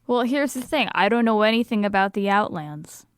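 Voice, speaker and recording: A woman's voice: mid-range voice, expressive, moderate pace, clear, resonant tone, no room sound, studio quality. A woman playing her character in a tabletop game, earnest and insistent. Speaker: player.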